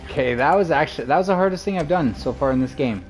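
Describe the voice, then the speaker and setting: A man's voice: a little high, animated, fast talker, soft background music. A man casually commenting on his gameplay to a live chat, reacting in the moment and using plenty of fillers. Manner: chatty, reactive, filler-heavy, talks to chat. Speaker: game streamer. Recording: loud game gunfire under voice. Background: game gunfire and ambience.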